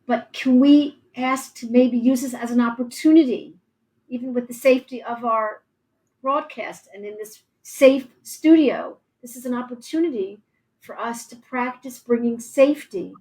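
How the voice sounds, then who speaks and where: A woman's voice: on the high side, warm tone, poor audio. A woman hosting a live-streamed interview, talking in a reassuring, encouraging way with some restarts. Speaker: podcast host.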